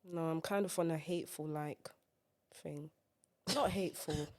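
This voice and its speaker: A woman's voice: low voice, fairly even intonation, moderate pace, a little mellow. Candid young woman comedy guest. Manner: candid, rambling, dry humor. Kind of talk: casual comedy podcast chat.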